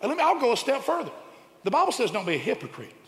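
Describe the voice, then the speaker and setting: A man preaching an impassioned sermon, emphatic and full of rhetorical questions that build to loud exclamations. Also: very high voice, huge pitch swings, rapid-fire. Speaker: preacher and radio show host. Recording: echoey hall with long reverb.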